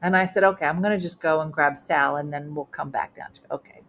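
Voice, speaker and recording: A woman's voice: sits low, quick pace, a bit bright, slight background noise. A middle-aged woman, a comedian hosting a casual online chat show, telling stories with lots of fillers. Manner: chatty storyteller with many fillers. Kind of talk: casual live-stream chat.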